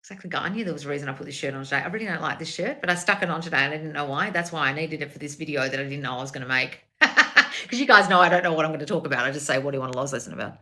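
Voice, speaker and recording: Woman, coach, livestream chat, bright voice, blunt, profane, calls people darling. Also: low-pitched, racing. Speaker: self-help coach. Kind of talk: livestream chat, reading viewer comments.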